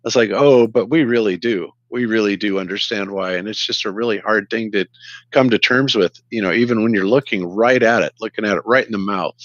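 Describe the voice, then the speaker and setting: A man's voice: fairly low pitch, brisk, a bit bright, no echo, highs cut off. A man co-hosting a podcast, rambling with hesitations and restarts. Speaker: podcast co-host. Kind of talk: casual chat.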